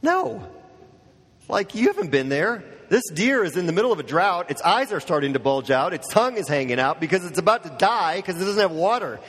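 Casual husky-voiced male preacher, echoing hall. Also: high voice, sing-song, brisk, fairly bright tone. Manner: casual, conversational preaching with many fillers. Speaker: pastor. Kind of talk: sermon. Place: church. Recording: long church hall reverb.

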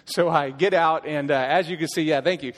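A man's voice: fairly high pitch, brisk. A middle-aged man, a worship leader, giving a personal testimony from a church stage, telling it as a story with acted-out dialogue and frequent restarts. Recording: long church hall reverb.

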